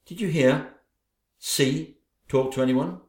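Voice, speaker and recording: A man's voice: fairly high pitch, reverberant. A man voicing a vain, scheming wicked stepmother queen in a theatrical audio play. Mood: sly. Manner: theatrical, gloating, drawn-out delivery.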